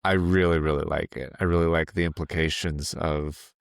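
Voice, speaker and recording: A man co-hosting a film podcast in casual chat, halting and restarting mid-sentence, laughing at himself. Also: rumbling low, fairly even intonation, creaky, clean tone, no echo, studio quality. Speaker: podcast co-host.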